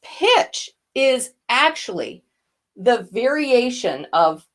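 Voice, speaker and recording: A woman's voice: on the high side, big pitch swings, takes it slowly, a bit bright. An older woman, a voice coach, teaching a lesson and demonstrating vocal effects as she explains.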